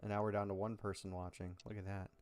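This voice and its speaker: A man hosting a stream, chatting casually in a rambling, self-correcting way and joking about his low viewer count. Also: level tone, quick pace, a little mellow, dry recording. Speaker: stream host. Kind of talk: casual chat.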